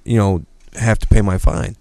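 A man's voice: on the low side, level tone, moderate pace, creaky, darkish tone, no echo. A man as a podcast guest, telling a story in a blunt, profane, indignant way. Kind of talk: casual storytelling chat.

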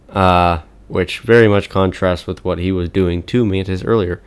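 Male podcast host, deep voice, casual chat, eager, chuckles a lot, plenty of ums. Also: fairly even intonation, moderate pace, few pauses, clean tone. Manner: enthusiastic, chuckles often, frequent fillers.

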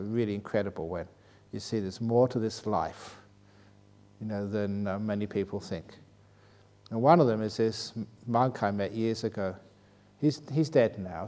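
Older male monk teaching a retreat, mid-pitched, storytelling talk, chuckles at his own asides. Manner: rises into animated rhetorical questions.

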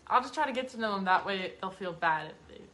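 Teen daughter, bright voice, halting casual chat. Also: female voice, medium pitch, animated. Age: teens. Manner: hesitant, lots of likes and ums.

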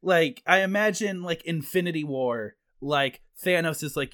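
A man co-hosting a comedy podcast, eager and playful as he pitches ideas. His voice sits a little high, with a quick, bouncing delivery. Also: fairly bright tone. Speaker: podcast co-host.

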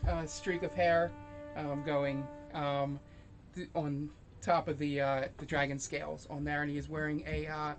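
A man running a tabletop role-playing game as game master, narrating hesitantly with many ums. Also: on the high side.

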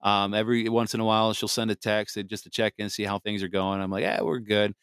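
A man's voice: lowish voice, completely flat delivery, fast talker, fairly bright tone, clean tone, dry recording, studio quality. A man hosting a podcast, talking on his own in a casual, rambling way, full of fillers and restarts. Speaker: podcast host. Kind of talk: casual solo podcast monologue.

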